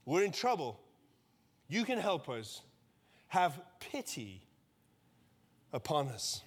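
Desperate outcast men plead for help in a high, raised voice, as a male preacher acts them out in his sermon. The sound carries a long hall reverb. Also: very animated, slow, husky, exaggerated voice.

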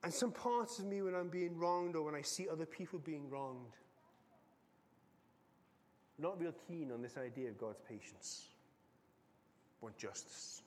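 Middle-aged male pastor, high voice, dramatic sermon delivery, long hall reverb. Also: animated, unhurried, pauses often, slight background noise. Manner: dramatic storytelling, swinging from loud to hushed.

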